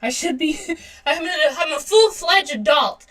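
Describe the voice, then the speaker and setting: A woman's voice: high voice, animated, normal speed, a bit bright, soft background music. A woman in her thirties chatting casually on a livestream while drawing, self-deprecating and laughing often. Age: 30s. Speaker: webcomic artist streaming.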